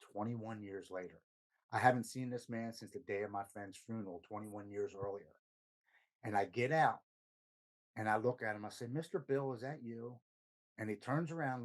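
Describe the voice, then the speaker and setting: A man in his forties speaks with a fairly low voice as a podcast guest. He tells a personal recovery story in an earnest, conversational way. He quotes himself and others and repeats words when he is moved. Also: rough recording. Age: 40s.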